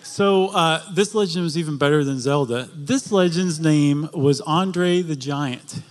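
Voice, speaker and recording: A man's voice: on the high side, unhurried. A chatty, joking man co-hosting a live podcast, telling a story to an audience and laughing often. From Florida. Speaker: podcast co-host. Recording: live show before an audience.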